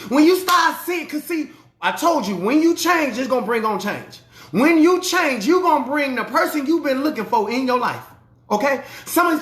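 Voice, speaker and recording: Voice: sits high, fairly bright tone. Emphatic preacher in an echoey room. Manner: emphatic, colloquial preaching with repeated refrains. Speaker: preacher and life coach. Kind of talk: motivational sermon. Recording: roomy echo.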